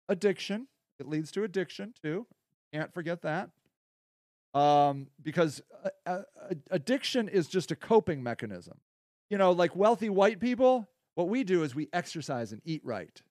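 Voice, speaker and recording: A man hosting a podcast in a casual monologue, rambling and blunt, often profane, going from quiet asides to heated stretches. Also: fairly high pitch, sing-song, a little slow, no echo, studio quality. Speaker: podcast host.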